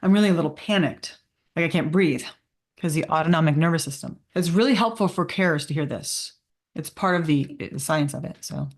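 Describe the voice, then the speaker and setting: A woman co-hosting a podcast, speaking candidly and wryly, her words at times slurring and rushing together. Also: low voice. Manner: wry, candid, sometimes slurred and rushed speech. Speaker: podcast co-host. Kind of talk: casual conversational podcast talk.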